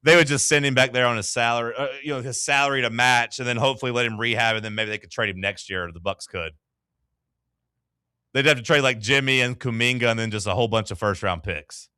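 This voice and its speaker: A man's voice: medium pitch, fast, sharp tone, clear, resonant tone, no echo, clean studio sound. A man hosting a casual sports talk show, loose and chatty with lots of filler words.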